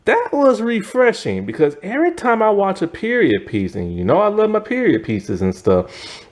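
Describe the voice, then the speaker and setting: A man giving a casual spoken video review of a TV series, rambling, filling pauses with fillers and laughing often. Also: high-pitched, wildly swooping pitch.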